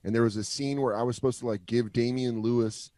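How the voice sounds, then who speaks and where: A man chatting on a radio show, telling self-mocking stories and swearing freely. His voice sits at an everyday pitch. The sound is close and dry. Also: fairly even intonation, quick pace, mellow, no echo. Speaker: actor guest. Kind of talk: casual chat.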